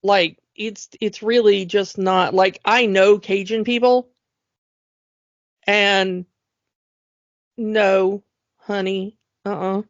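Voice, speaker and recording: A woman co-hosting a podcast, talking in an animated, emphatic way as she rants. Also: mid-range voice, takes it slowly, no echo. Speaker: podcast co-host. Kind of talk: casual chat. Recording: dull lo-fi dry sound.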